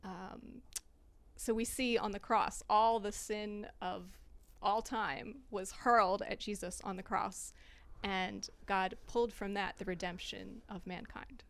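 A woman's voice: mid-range voice, steady tone, slow pace, gravelly, a bit bright, no room sound. Earnest woman reflecting on faith. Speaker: retreat participant. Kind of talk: casual faith discussion.

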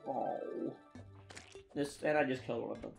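With faint music behind him, a young gamer recording a let's play chats to himself about his own play, mocking himself casually while tired and yawning. His voice is medium-pitched, gravelly, and darkish, at a moderate pace.

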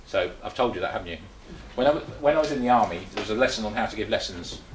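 Chatty older Englishman lecturing fast. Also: on the low side, animated, reverberant, slight background noise, rough recording. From England. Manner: chatty, asks rhetorical questions, restarts often. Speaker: presenter. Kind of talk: lecture to a small group. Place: meeting room.

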